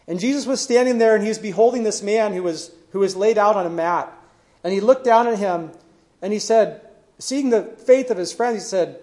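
Guy preaching a sermon, kinda high voice, retells bible stories earnestly, trails off soft at line ends. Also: normal speed. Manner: earnest storytelling, drops to a hush at phrase ends.

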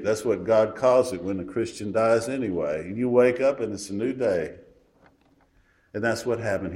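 A man preaching a sermon in a folksy, emphatic way, swinging from loud declarations to hushed asides. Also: lowish voice. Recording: roomy echo.

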